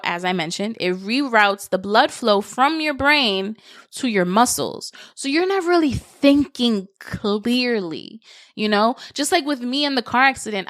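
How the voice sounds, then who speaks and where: A young adult woman hosting a solo podcast, thinking out loud in a conversational, reflective way with lots of casual fillers. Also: on the high side, no room sound, studio quality. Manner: reflective, conversational, many "you know" fillers. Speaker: podcast host.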